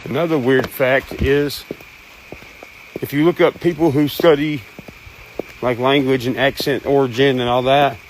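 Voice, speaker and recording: A man's voice: medium pitch, fairly even intonation, unhurried, long pauses, slight background noise, rough recording. A man with a Southern US accent, talking bluntly in a folksy, plain-spoken monologue. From American South. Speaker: host. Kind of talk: casual monologue.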